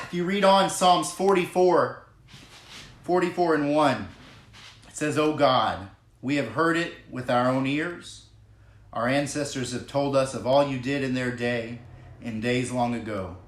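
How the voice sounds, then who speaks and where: In an echoey church hall, a male pastor preaches a sermon earnestly and emphatically, drawing out key phrases and reading scripture aloud. His voice is medium in pitch, unhurried, with long pauses.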